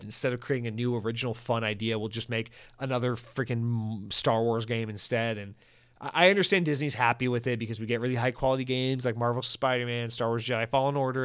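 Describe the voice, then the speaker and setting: A young man hosting a podcast, reading listener comments and ranting in a casual, profane, animated way. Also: medium pitch, clear, resonant tone.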